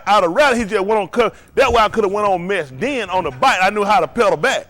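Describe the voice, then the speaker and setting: A man pastor preaching a sermon, animated and acting out voices. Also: high voice, racing. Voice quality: animated preaching with acted-out voices, laughing and shouting at times.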